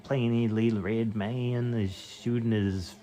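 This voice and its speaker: A man's voice: lowish voice, steady tone, slow pace, warm tone, voice pushed up. A man streaming a game puts on an exaggerated, overplayed New Jersey accent, playing a brash local guy. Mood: hamming. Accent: put-on New Jersey.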